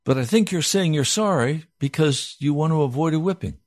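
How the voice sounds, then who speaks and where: A man's voice: on the high side, animated, dry recording, clean studio sound, pitched above the performer's own voice, lightly acted. A man voicing a stern, firm mother. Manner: stern, measured.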